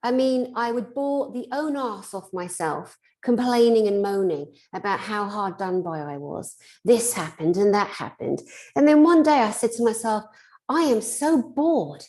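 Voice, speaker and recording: A woman's voice: mid-range voice, expressive, normal speed, a little mellow. A Scottish woman, a spiritual therapist, giving a heartfelt motivational talk in a blunt, impassioned way with mild swearing.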